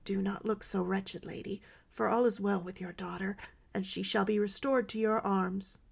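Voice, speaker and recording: A woman's voice: medium pitch, steady tone, normal speed, gravelly, breathy edge. A woman voicing a dying, pleading sinner in her fifties. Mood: confessing. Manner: pleading, confessing, frightened. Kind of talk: audiobook character reading.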